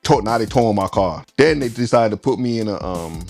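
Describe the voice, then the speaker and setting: Deep-voiced man telling a story. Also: animated, a little fast, darkish tone, faint music behind. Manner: storytelling, retelling events with quoted dialogue. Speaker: panel guest. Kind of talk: casual group discussion.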